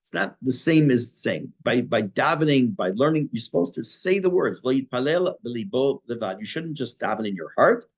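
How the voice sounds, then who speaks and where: A man's voice: medium pitch, animated, normal speed, hardly any pauses, slightly rough. A man, a rabbi teaching a class on prayer, reading Hebrew texts and explaining them in plain, conversational English. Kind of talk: spoken Torah class on prayer.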